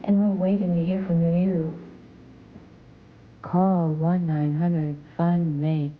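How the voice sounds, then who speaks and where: A woman's voice: fairly low pitch, little pitch movement, slight background noise. A woman playing a sultry, coaxing lady in a vintage phone-line TV commercial. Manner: slow, breathy and coaxing. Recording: tinny lo-fi old TV audio.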